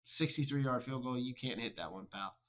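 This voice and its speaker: A man's voice: medium pitch, brisk, fairly bright tone, highs cut off. Chatty male game commentator. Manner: upbeat, chatty, teasing. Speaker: host and commentator. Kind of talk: casual game commentary and interviews.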